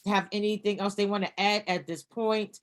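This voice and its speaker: A woman runs a meeting on a video call and talks to the group in an upbeat, encouraging way. Her voice sits at an ordinary middle pitch. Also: fairly even intonation, normal speed. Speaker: call moderator. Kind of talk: casual meeting talk.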